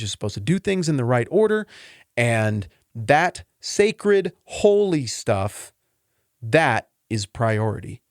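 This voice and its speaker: A man's studio-quality, echo-free voice leads a casual podcast on Bible teaching. Rambling and heartfelt, he shows his emotions openly and keeps a conversational tone full of pitch swings.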